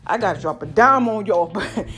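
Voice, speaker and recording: A woman hosting her own podcast, talking casually and excitedly to her listeners, laughing often. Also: mid-range voice, normal speed, faint music behind. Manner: hyped, expressive, laughs often. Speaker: podcast host.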